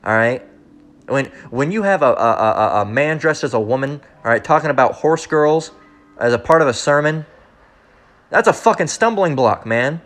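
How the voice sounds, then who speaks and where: A man's voice: medium pitch, expressive, a bit bright. Blunt preaching man, drilling his point. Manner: blunt, repetitive, keeps asking "all right?"; reads verses slowly and deliberately. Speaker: street preacher. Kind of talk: confrontational scripture teaching.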